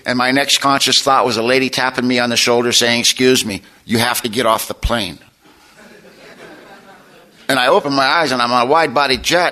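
A man's voice: mid-range voice, bright, forceful tone, poor audio. A middle-aged man sharing his personal testimony at a recovery meeting, plainspoken and folksy with wry humor.

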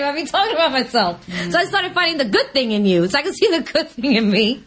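Animated high-voiced woman sharing a story. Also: quick pace, few pauses, some chatter behind. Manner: animated storytelling, acting out her own lines, laughing often. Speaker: speaker sharing at a recovery meeting. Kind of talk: personal testimony with anecdotes.

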